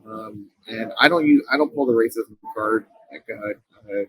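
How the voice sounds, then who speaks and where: Husky-voiced man telling a story. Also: lowish voice, poor audio. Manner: earnest, halting, frequent restarts. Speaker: company co-founder, interview guest. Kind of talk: casual interview storytelling.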